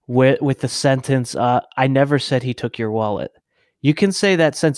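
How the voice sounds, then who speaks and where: A man hosting a podcast interview, thoughtful and animated when giving examples. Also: mid-range voice, dry recording, studio quality. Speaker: podcast host. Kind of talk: conversational interview.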